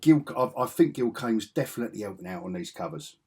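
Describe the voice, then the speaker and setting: A man's voice: on the low side, lively intonation, fast, darkish tone, husky. A man chatting casually as he shows off his comic collection, enthusiastic and rambling with chuckling asides. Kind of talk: casual show-and-tell chat.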